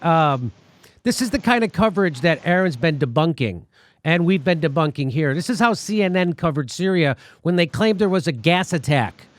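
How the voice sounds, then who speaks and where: A male show host delivers political commentary with animated, mocking energy and frequent swearing. His voice sits a little high for a man. The sound is dry and close, with no room echo. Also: moderate pace.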